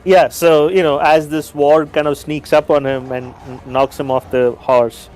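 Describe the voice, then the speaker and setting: A man's voice: fairly high pitch, level tone, measured pace, darkish tone, soft background music. Hesitant male tabletop player. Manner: hesitant, many fillers. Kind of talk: casual game chat.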